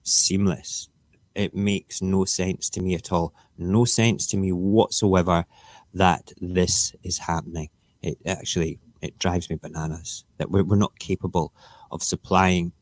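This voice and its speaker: Low-voiced ranting man. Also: fairly even intonation, measured pace, a little mellow, dry recording. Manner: ranting, emphatic, sarcastic. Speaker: live-stream show host. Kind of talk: casual morning rant.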